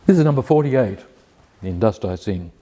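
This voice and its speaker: A man telling a personal story with many pauses and restarts, then reading poetry slowly and carefully. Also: lowish voice, lively intonation, mellow. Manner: hesitant, many restarts and fillers, self-deprecating; slow, measured recitation of verse. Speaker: community member sharing a personal story.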